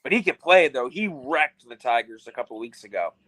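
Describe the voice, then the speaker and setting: A man's voice: mid-range voice, animated, brisk, bright, forceful tone, no room sound, low-quality recording. A man co-hosting a casual baseball watch-along podcast, talking loosely and filling his sentences with "like.". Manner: loose and chatty, lots of "like" fillers. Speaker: podcast co-host. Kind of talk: casual sports chat.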